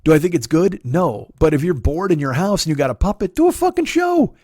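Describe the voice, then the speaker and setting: A man's voice: big pitch swings, a little fast, no room sound, studio quality. A man in his forties hosting a comedy podcast, ranting with a lot of swearing and mocking. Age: 40s. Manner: mock voices for others, high and loud. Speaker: podcast host. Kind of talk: comedic rant.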